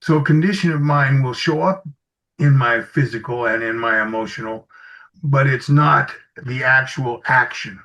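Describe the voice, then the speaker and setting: A man's voice: mid-range voice, measured pace, pushed and bright. A man being interviewed as an executive coach, telling anecdotes in an easy conversational way and acting out bits of dialogue. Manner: tells anecdotes, acts out dialogue in stories. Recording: slightly muffled audio.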